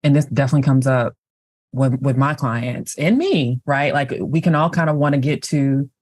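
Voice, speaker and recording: A woman's voice: extremely low pitch, steady tone, a little mellow, no room sound. A woman talking reflectively in a casual podcast conversation, often restarting her sentences. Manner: reflective, halting, many restarts.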